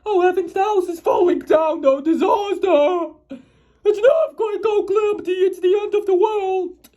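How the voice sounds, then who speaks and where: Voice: very high voice, measured pace, dark tone. An AI voice doing a shrieking, panicky little jelly man. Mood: panicked. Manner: shrieking, wailing and stammering in panic. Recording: dull lo-fi AI voice audio.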